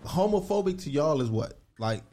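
A man's voice: fairly high pitch, big pitch swings, normal speed, warm tone. A man co-hosting a podcast who argues bluntly and stammers through restarts. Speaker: podcast co-host. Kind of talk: casual debate chat.

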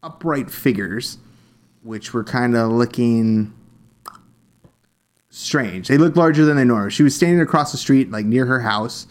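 Young man, casual podcast co-host, rambling, mid-pitched. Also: a little slow, long pauses. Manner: rambling storyteller with many fillers and restarts. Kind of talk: casual chat.

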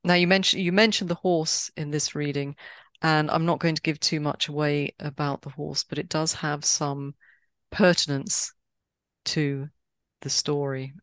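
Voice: mid-range voice, steady tone, measured pace, fairly bright tone, no echo. A podcast host chats casually with a guest, speaking cheerfully and often restarting sentences. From Britain. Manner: chatty, with frequent restarts and a cheery tone. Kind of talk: casual interview chat.

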